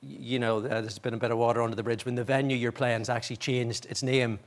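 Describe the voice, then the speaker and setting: A man's voice: medium pitch, level tone, quick pace. An Irish man hosting a studio talk show, teasing his guests and often restarting sentences. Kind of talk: studio interview. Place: TV studio with audience.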